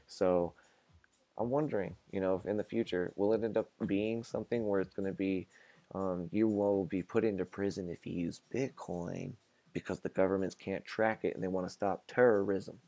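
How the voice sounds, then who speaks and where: A man talks straight to camera in a relaxed, casual vlog monologue. His low voice carries a gravelly rasp and a dark, mellow tone. He muses aloud and keeps posing rhetorical questions to his viewers. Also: normal speed, no echo. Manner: musing, asks rhetorical questions. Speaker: vlog host.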